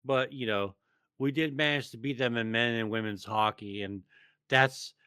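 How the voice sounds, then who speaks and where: A man's voice: medium pitch, normal speed, sharp tone, clear, resonant tone, dry recording, clean studio sound. A man co-hosting a casual podcast, ranting sarcastically with lots of stammers and restarts. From United States. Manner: rambling, stammering, sarcastic rant. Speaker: podcast co-host. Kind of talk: casual chat.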